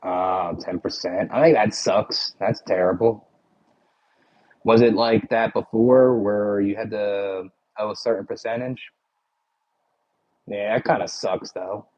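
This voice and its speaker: A man's voice: fairly low pitch, steady tone, slow, a little mellow, highs cut off. A man with a Philadelphia accent chatting casually with his livestream viewers, rambling and full of "like" and "you know".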